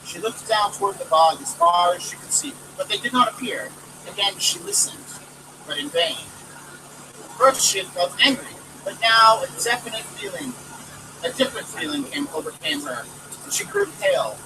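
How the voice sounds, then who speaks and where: A man's voice: sits high, big pitch swings, normal speed, far from the mic, background noise. Man reading a story aloud outdoors. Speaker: volunteer reader. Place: outdoors near a city hall.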